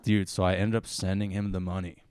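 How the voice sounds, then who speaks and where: A young man, a comedian guest, telling a story in a relaxed, profane, casual podcast chat, saying "dude" all the time. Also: low voice, a little fast, smooth. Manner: laid-back, profane, says "dude" constantly.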